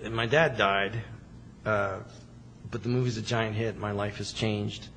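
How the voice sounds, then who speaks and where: Guy guest telling stories, lively, acts out voices, bit of faint hiss behind him. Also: fairly low pitch, unhurried, long reverb tail. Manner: animated, acts out other people's voices. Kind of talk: casual storytelling.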